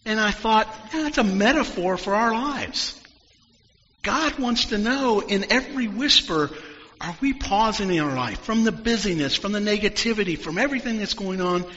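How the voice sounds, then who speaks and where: A man's voice: sits high, lively intonation, normal speed, bright, forceful tone, a little hiss or hum. A man preaching a sermon, telling stories reflectively and sometimes dropping almost to a whisper. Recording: dull sound in a long-reverb hall.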